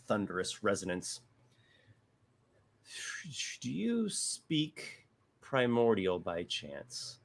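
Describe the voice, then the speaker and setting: A man narrating as a tabletop game master, unhurried and searching for words. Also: lowish voice, fairly bright tone.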